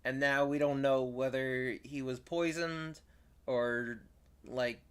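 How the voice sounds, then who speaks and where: A game streamer giving casual let's-play commentary, rambling and halting as they explain the story. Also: mid-range voice, steady tone, clean tone.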